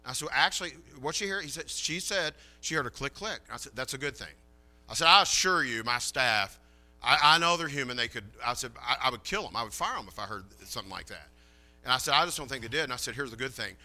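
A man's voice: medium pitch, lively intonation, fast, pushed and bright. A man preaching a sermon in a folksy, chatty way, telling a story and acting out the dialogue.

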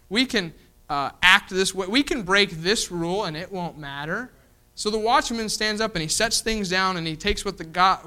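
A man's voice: a little high, sharp tone, smooth, poor audio. A man preaching a sermon to his church, emphatic and repetitive, often asking the congregation "you know what?". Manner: emphatic, repeating "you know what?" as a hook and acting out quoted voices.

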